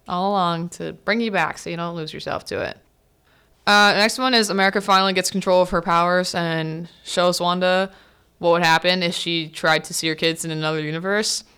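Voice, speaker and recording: A young adult student podcast host with a fairly low, pushed, bright and clean voice goes over a film. She keeps things casual, laughing and voicing the characters' lines as she goes.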